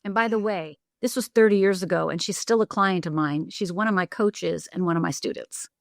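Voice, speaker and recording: A middle-aged woman telling a personal story in an animated way, acting out the voices she quotes, with quick bursts and restarts. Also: fairly low pitch, gravelly, no echo, clean studio sound. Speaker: podcast guest, life coach.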